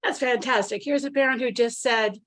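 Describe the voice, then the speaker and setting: A woman's voice: on the high side, moderate pace, a bit bright, no room sound. A woman hosting a live webinar, reading out audience questions in an upbeat, encouraging way. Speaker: webinar host. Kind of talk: moderating live Q&A.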